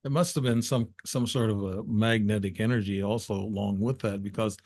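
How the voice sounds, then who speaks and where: A man's voice: on the low side, fairly even intonation, a little fast, darkish tone, dry recording. A man hosting an interview, asking long, rambling questions with many restarts. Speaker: podcast host.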